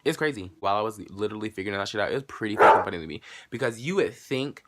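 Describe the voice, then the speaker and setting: A man in his late teens telling a story to camera in a casual vlog, animated and profane, acting out both sides of the dialogue with sudden jumps in pitch and loudness. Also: racing, very noisy. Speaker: vlogger.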